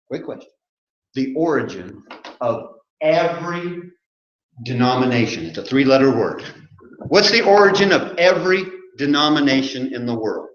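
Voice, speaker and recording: Lively male preacher in a roomy church. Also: fairly high pitch. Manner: asks the congregation questions, conversational and joking. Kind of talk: interactive sermon. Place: church sanctuary. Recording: roomy muffled church recording.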